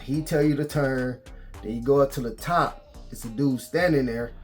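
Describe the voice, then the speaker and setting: A man tells a story for his vlog in a casual, animated way, his exasperation showing. His voice sits at a middle pitch. Faint music plays behind him. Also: normal speed. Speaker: vlogger.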